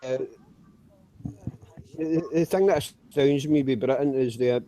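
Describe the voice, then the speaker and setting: A man's voice: medium pitch, a little slow, warm tone. A Scottish man, blunt and chatty, talking in a casual group video call. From Scotland.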